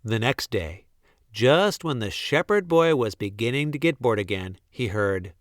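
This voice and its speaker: A man reading a children's story aloud in a slow, gentle, expressive way. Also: medium pitch, no echo, clean studio sound. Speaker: storybook reader.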